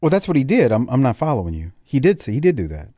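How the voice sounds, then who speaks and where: A middle-aged man with a Southern US accent hosts a casual wrestling review, talking in an animated way with laughs and repeated words. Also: mid-range voice, fast talker, no echo, clean studio sound. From Deep South, US. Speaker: podcast host.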